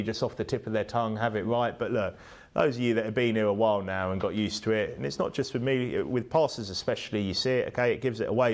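Preacher man asking tag questions. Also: mid-range voice. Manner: rhetorical tag questions, rising to emphatic peaks. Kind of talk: sermon.

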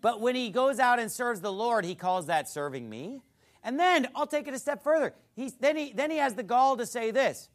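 Male pastor, sermon, high voice, swooping pitch, blunt, mocking. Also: normal speed. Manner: blunt, mocking, animated preaching. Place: church.

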